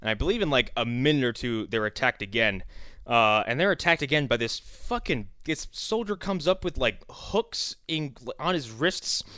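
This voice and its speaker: Podcast guy with a bright punchy voice, laughing and swearing through a movie recap. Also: on the high side, no room sound. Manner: laughing, profane, recaps plot. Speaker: podcast co-host. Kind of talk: casual movie-review chat.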